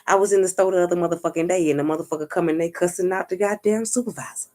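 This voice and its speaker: Talking very fast in a fairly low voice, this woman vlogger and spiritual reader animatedly recounts a story, swearing freely and imitating other people's words. She keeps checking in with viewers: "you get what I'm saying?"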